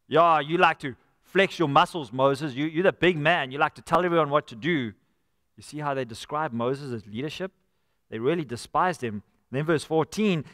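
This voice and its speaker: A man preaches in a church, his fairly high voice earnest and conversational as he keeps turning to the congregation as friends. The sound is close and dry up front, but a long hall reverb trails after his words. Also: expressive, moderate pace, fairly bright tone. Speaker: pastor. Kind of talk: live sermon. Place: church sanctuary.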